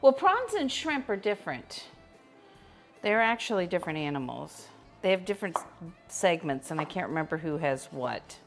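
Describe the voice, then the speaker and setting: A woman's voice: on the low side, big pitch swings, moderate pace, soft background music. A woman chatting casually while she cooks on a live stream, explaining as she goes and laughing often. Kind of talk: casual cooking stream chat.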